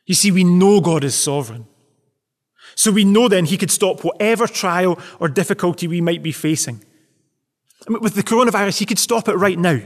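Speaking a little fast, a pastor delivers an earnest Sunday sermon built on question after question to his listeners. His high male voice rings out with a long reverberant tail.

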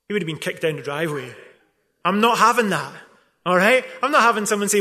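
A man's voice: sits high, animated, fast, bright, forceful tone. A man preaching a sermon as pastor, emphatic and full of rhetorical questions, with wry asides. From not from England.

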